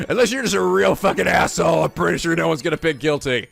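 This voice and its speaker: A man giving casual, excitable commentary over a video game, swearing and laughing often. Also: a little high, a little fast, vocal fry. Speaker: let's play host. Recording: game music underneath.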